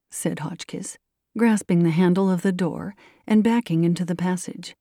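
A woman hosting and reading aloud a classic story in steady audiobook narration. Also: lowish voice, normal speed, no room sound, studio quality. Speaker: host and reader.

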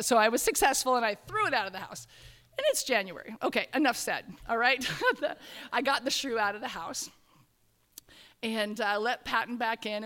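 A woman telling a personal story on stage, animated and acting out her own thoughts in quotes. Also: a little high, long reverb tail.

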